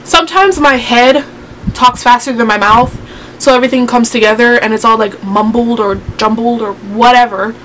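A sassy teenage girl vlogging about her pet peeves, rambling and getting fired up as she goes. Her voice sits a little on the high side. A faint hiss of noise runs under the recording. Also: a bit bright, rough recording. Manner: sassy, rambling, quick to get worked up. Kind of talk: casual rant to camera.

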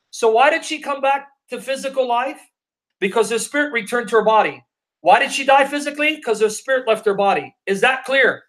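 Man, high-pitched voice, live-stream Bible teaching, emphatic, repeats his questions, slow deliberate scripture reading. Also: animated, a bit bright. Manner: emphatic, repeats questions to drive points home; reads scripture aloud in a slow, deliberate cadence.

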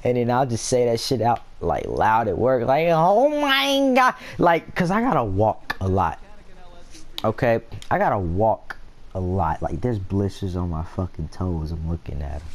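A young man talks loosely over his gameplay, swearing and wandering off into side stories. His voice swings widely in pitch from one phrase to the next, never settling into a flat delivery. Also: normal speed. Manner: rambling, profane, laughing asides. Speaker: gameplay vlogger. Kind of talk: casual gaming commentary.

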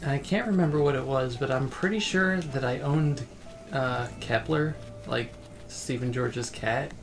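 A man's voice: medium pitch, measured pace, music in the background. A man streaming a game casually, rambling as he plays and reading chat messages aloud.

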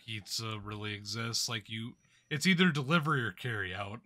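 Male co-host, bright sharp tone, hesitant, restarts sentences. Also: fairly low pitch, expressive, brisk. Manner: short agreeing replies, hesitant restarts. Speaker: podcast co-host. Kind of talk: casual chat.

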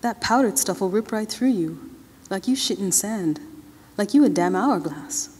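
A sulky, feverish young man groans and grumbles in loose street slang, as a woman reading aloud puts him on. The voice is mellow and a little husky, carried through a large hall with a long, ringing reverb. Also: mid-range voice, animated, moderate pace. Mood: sickly complaining.

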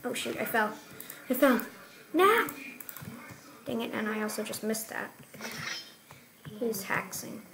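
Playful young gamer girl, slow-talking. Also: fairly high pitch, noisy background. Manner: playful, joking, excitable outbursts. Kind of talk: casual gameplay commentary.

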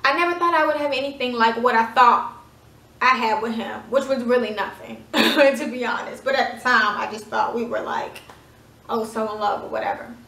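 A woman's voice: a little high, moderate pace, creaky, pushed and bright. A woman in her twenties, chatting dramatically through a casual storytime with lots of fillers. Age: 20s. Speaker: vlogger. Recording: echoey room, voice from far off.

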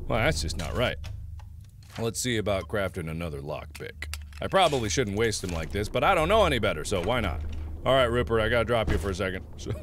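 Jokey man doing gameplay commentary, lively swings in pitch. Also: fairly quick, slight background noise. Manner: animated, jokey, laughs often. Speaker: let's-play host.

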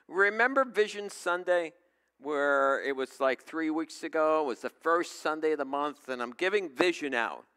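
A man's voice: high-pitched, fairly bright tone. A male pastor preaching a sermon, telling a personal story in a conversational way and putting questions to the congregation.

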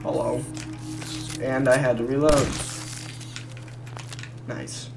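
A let's-play gamer talks over the game at an unhurried, drawn-out pace in a mid-pitched voice. The chatter is crude and joking, full of swearing and sudden loud laughter. Faint game music plays underneath. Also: steady tone. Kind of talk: casual gameplay commentary.

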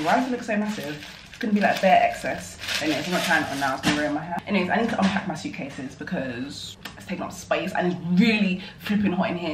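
A young woman, vlogging in casual chat straight to camera, animated and talkative. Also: lowish voice, background noise. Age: young adult.

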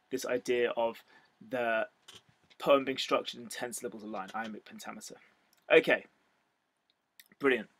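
A man's voice: medium pitch, a bit bright, no room sound. A male teacher giving a recorded video lesson on a poem, explaining step by step and often restarting his phrases. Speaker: English teacher.

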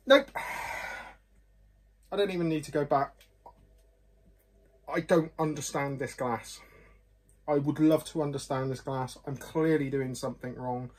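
A man's voice: fairly high pitch, measured pace, long pauses, a little mellow. A man reviewing whisky glasses in a chatty, rambling, self-deprecating way, often apologising. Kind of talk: casual chat to camera.

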